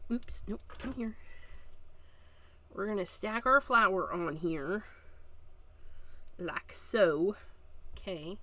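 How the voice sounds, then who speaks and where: Chatty, bright-voiced woman crafter. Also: fairly high pitch. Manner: chatty, jokey, talks to herself while working. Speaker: card-making streamer. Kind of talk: live crafting tutorial.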